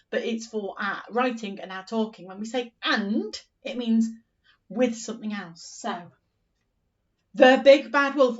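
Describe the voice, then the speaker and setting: Woman teacher, slow sing-song phonics lesson, slightly high voice, dull distant recording. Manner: slow, sing-song, encouraging, acts out story lines. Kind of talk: early-years phonics lesson.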